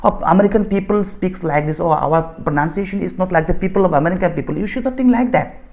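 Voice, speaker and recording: Heard through a muffled recording, a man's high, slightly mellow voice moves fast. He is a Bodo-speaking Assamese lecturer with an Indian accent teaching spoken English, and he explains in a repetitive, insistent way, often restarting sentences and rephrasing.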